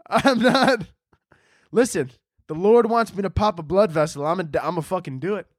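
A man's voice: sits high, lively intonation, fairly quick, darkish tone, no echo, studio quality. Rambling, swearing podcast host man. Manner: rambling, profane, self-mocking. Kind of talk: casual solo chat.

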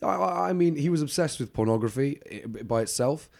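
A man's voice: mid-range voice, lively intonation, fairly quick, gravelly, a little mellow. A man co-hosting a podcast, telling a true-crime story casually with lots of ums and side remarks. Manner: rambling, lots of ums, laughs along. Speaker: podcast co-host.

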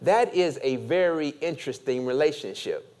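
A man preaching a sermon as pastor, slow and deliberate, asking his congregation for an amen. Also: fairly high pitch, animated, darkish tone, clean tone.

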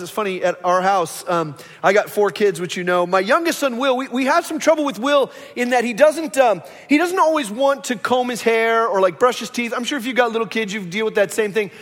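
A man's voice: sits high, brisk. A man in his thirties or forties preaching a sermon as pastor, telling stories and acting out the voices in them. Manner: animated storytelling, acts out quoted voices. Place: church sanctuary. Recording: long reverb of a large hall.

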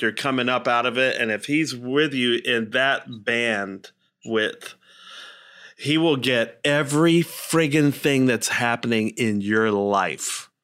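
A man's voice: mid-range voice, a bit bright. A man co-hosting a casual talk, telling a story and acting out the quotes with big jumps in his voice.

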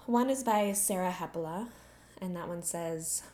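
A woman's voice: lowish voice, a little slow, mellow. Earnest, slightly breathless woman host. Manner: candid, earnest, conversational. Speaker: podcast host. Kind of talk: personal reflective talk.

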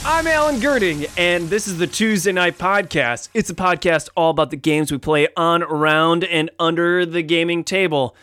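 A man's voice: fairly high pitch, steady tone, moderate pace, hardly any pauses, sharp tone, a little hiss or hum. A man hosting a tabletop games podcast, joking and teasing his co-host in casual banter. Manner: jokey, teasing, playful.

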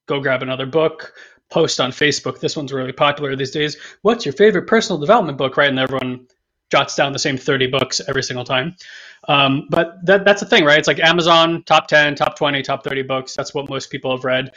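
A man's voice: mid-range voice, steady tone, a little fast, pushed and bright. A man co-hosting a podcast in casual talk, rambling, repeating himself and joking around. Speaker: podcast co-host. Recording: dull lo-fi sound.

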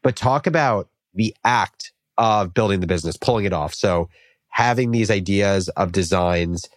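A male host with a fairly low voice poses thoughtful, measured questions. The sound is dry and close, with no room echo. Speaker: interview host. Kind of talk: interview questions and voice-over.

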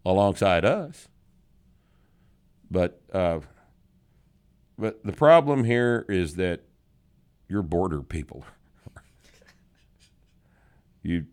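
A man's voice: low-pitched, very animated, very slow, long pauses, a little mellow. A man hosting a podcast, answering listener questions in blunt, profane, joking chat. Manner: blunt, profane, drawling, laughs often. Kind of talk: casual chat.

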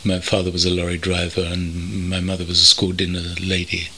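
An older man from North London, reminiscing thoughtfully as an interview guest, pausing often with ums. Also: sits low, monotone, bright, forceful tone, slight background noise. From North London, England. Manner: thoughtful, measured, with many pauses and ums. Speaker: interview guest, veteran copywriter. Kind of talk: reflective reminiscing. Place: country home.

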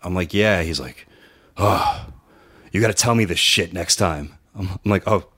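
A man's voice: deep voice, normal speed, fairly bright tone. A man co-hosting a casual podcast, telling stories and acting out what others said, with frequent swearing. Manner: storytelling, acts out others' quotes, swears freely. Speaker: podcast co-host and wrestling promoter.

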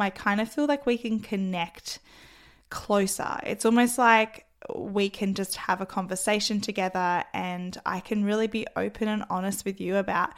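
A woman hosts her own podcast in a loose, chatty solo talk. Her voice is croaky and a little rough from losing it recently. She speaks openly, with casual fillers. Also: mid-range voice. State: hoarse after losing her voice. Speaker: podcast host.

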